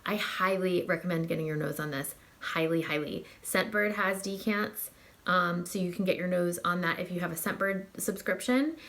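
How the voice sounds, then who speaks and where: A woman's voice: on the low side, moderate pace, fairly bright tone. Chatty woman gushing about fragrances. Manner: gushing and chatty, many fillers and likes. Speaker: fragrance reviewer. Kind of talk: casual chat.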